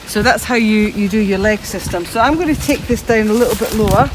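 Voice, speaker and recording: A woman's voice: mid-range voice, brisk. Chatty woman gardener outdoors, traffic behind. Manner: chatty and practical, talking while she cuts. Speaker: gardening presenter. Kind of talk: hands-on gardening demonstration. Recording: outdoor recording with traffic noise. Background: steady outdoor noise with passing traffic.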